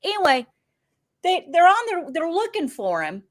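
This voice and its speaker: A middle-aged woman co-hosting a casual recap chat, telling stories with animated energy, swearing freely and acting out what people said. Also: very high voice, moderate pace, no room sound. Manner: animated storytelling, swears freely, acts out quotes. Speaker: podcast co-host.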